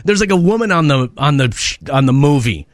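Animated, exasperated male radio host. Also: on the high side, brisk, no echo, studio quality. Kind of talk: casual morning radio chat.

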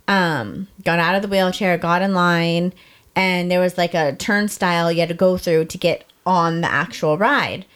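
A young adult woman candidly telling a personal story, talking fast and emotionally with many "like" fillers. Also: on the low side, clean tone. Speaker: podcast guest sharing her story.

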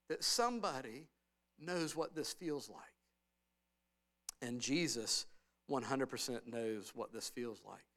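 A man preaching a sermon in a church, talking in a conversational way that swings between hushed and loud, emphatic stretches. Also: mid-range voice. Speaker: pastor. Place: church sanctuary.

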